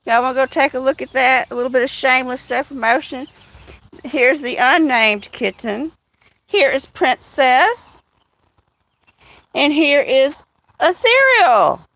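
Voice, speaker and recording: A woman's voice: animated, a little slow, pauses often, fairly bright tone. A woman chatting casually on a livestream outdoors in the evening, cooing at cats now and then. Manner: chatty, coos high at cats. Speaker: livestream host.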